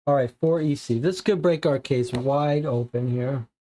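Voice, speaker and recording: A player reading aloud and thinking out loud through a cooperative detective board game. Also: mid-range voice, normal speed. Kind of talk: narrating and musing over a co-op board game.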